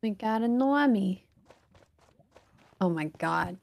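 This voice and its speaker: A woman's voice: medium pitch, expressive, takes it slowly, vocal fry, darkish tone. A woman chatting casually and laughing easily while playing a game with friends. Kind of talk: casual gameplay chat.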